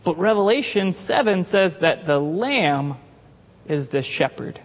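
A pastor delivers a sermon in church in a voice pitched higher than most men's, keeping an expressive, conversational tone at a measured pace. He puts questions to the congregation as he goes, and the sanctuary's long reverb surrounds his words.

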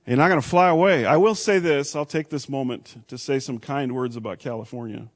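A middle-aged man from Texas, preaching a sermon with big swings from loud to hushed. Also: mid-range voice, brisk. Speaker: pastor.

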